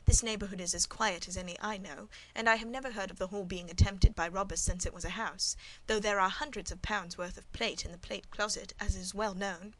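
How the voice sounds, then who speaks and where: A woman reading the part of a guarded middle-aged female servant who speaks with calm, demure composure. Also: medium pitch, fairly quick, few pauses, lightly acted, poor audio. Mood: lecturing. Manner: calm, demure, matter-of-fact.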